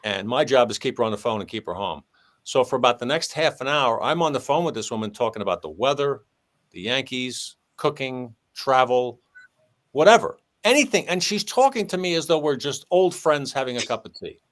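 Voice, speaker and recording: Brisk and mid-range in voice, a former police sergeant relates a long story in conversation. He brings it to life by acting out what each person said, shifting his voice animatedly.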